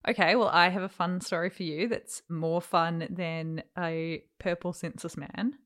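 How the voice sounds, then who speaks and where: A woman, co-hosting a casual chat and telling stories with animated energy and laughter. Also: lowish voice, measured pace. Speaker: podcast co-host.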